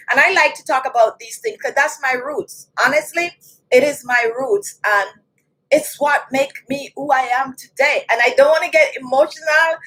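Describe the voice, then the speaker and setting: A woman's voice: high-pitched, sharp tone, rough recording. A woman with a Jamaican accent, a beauty vlogger chatting casually on a livestream, addressing viewers directly and often asking "okay?".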